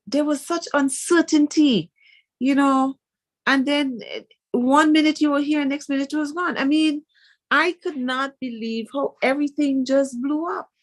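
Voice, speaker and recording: A woman hosting a radio interview, talking in a conversational, engaged way. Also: sits high. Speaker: host.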